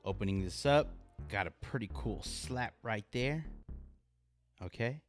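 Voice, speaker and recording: A man hosting a casual live stream, chatting with viewers and reacting with loud exclamations. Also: fairly low pitch, measured pace, faint music behind. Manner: animated, exclaims and laughs at viewers' comments. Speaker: live stream host reviewing knives.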